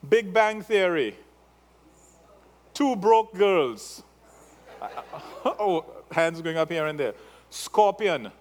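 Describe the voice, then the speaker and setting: A male pastor with a slightly raised voice and an accent delivers a sermon at an unhurried pace. He teases his congregation in a playful way and keeps checking in with them. His delivery is loose and conversational rather than formal. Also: on the high side, lively intonation. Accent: non-native English. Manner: playful, teasing the congregation, tag questions.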